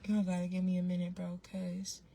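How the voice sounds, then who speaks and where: A woman's voice: on the low side, completely flat delivery, fairly quick, mellow, slight background noise, poor audio. A woman vlogger telling a story in a casual monologue, blunt and emphatic, swearing freely and repeating phrases for emphasis.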